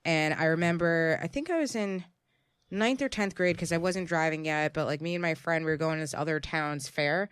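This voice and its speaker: A woman co-hosting a podcast, telling a story in an animated, chatty way. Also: low voice, brisk, clear, resonant tone, dry recording. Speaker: podcast co-host. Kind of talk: casual chat.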